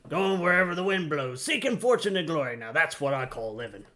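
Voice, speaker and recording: A man voicing a chatty male ship peddler in a gruff, grizzled voice, reading game dialogue aloud. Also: a little high, expressive, fairly quick, sharp tone. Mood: folksy. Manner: folksy and rambling, calls listener lad.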